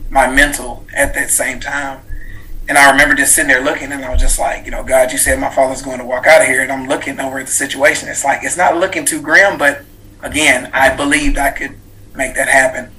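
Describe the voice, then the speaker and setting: A man's voice: mid-range voice, steady tone, brisk, bright, forceful tone, rough recording. A man in his thirties, a guest author, telling a personal story in an interview, earnest and reflective, with many fillers and restarts. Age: 30s.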